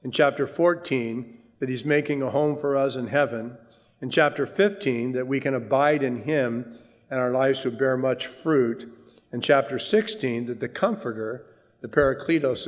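A man preaching a sermon, earnest, lifting his voice for emphasis and dropping low for wry asides. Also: steady tone, a little slow, long reverb tail. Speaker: pastor.

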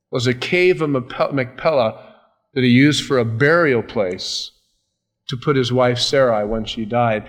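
A man preaching a sermon, emphatic and slowing down to stress key words. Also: mid-range voice. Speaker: pastor.

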